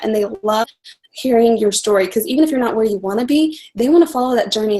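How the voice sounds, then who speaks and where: A woman's voice: a little high, mellow, poor audio. A young woman coach telling her personal story in an earnest, heartfelt way on a live group call. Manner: earnest, heartfelt, talks fast with restarts.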